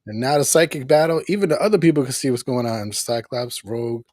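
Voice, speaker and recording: A man's voice: mid-range voice, quick pace, darkish tone, dry recording. A man hosting a casual live review stream, easygoing, laughing often and acting out characters' lines as he recaps. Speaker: host reviewing a cartoon episode.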